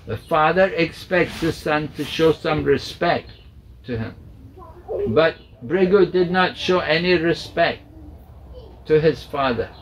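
A man's voice: fairly high pitch, takes it slowly, slight background noise, rough recording. A man, a swami, telling a sacred story at a home gathering in a patient, repetitive way. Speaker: swami, spiritual teacher. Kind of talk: storytelling sermon.

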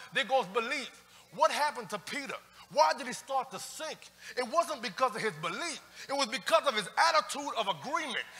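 A man preaching a sermon as pastor, emphatic, with call-and-response lines and bursts of shouting. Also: extremely high pitch. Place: church sanctuary. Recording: church broadcast with long reverb.

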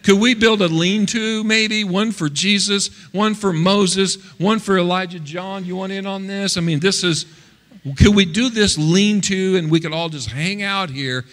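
A man voicing an impulsive apostle who speaks before he thinks, eager and rushed. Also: lively intonation. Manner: eager, rushed, higher and louder. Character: excitable impulsive male apostle, blurting.

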